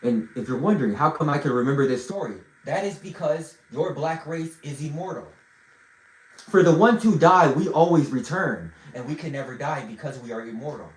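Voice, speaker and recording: A man livestreaming from a phone, telling a story in an animated, profane way with bursts of shouting. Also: fairly high pitch, normal speed, echoey room, low-quality recording. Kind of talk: storytelling monologue.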